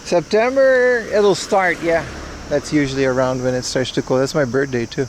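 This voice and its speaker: A young livestream host delivers brisk, flat chatter in a mid-range voice while walking outdoors through town. He jokes with viewers casually, wry and rambling, and there's a little hiss or hum in the audio.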